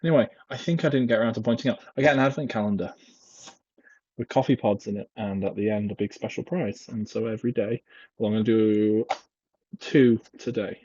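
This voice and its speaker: Man, casual rambling vlog, husky, dry close sound, dull headset mic. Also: on the low side, fairly quick, dark tone, no echo. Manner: rambling, self-deprecating, lots of fillers and asides. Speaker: vlogger. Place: home, indoors. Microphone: headset microphone.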